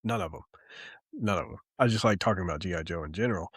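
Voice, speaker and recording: A man's voice: low voice, fast, breathy edge, no echo, studio quality. A man co-hosting a podcast in casual chat. He rambles enthusiastically, swears a lot and fills gaps with "um" and "like". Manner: excitable, heavy swearing, rambling with fillers. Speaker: podcast co-host.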